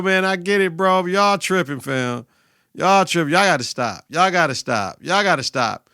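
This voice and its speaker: A man hosting a reaction podcast, retelling a TV episode in a profane, animated way with laughs and mock outrage. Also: high voice, moderate pace, no echo, clean studio sound. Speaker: podcast host.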